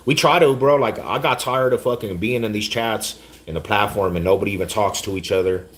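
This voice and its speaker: A man's voice: on the low side, brisk, a bit bright. A man hosting a casual livestream, talking back to his chat in laid-back, slangy street talk, often repeating himself. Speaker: livestream host.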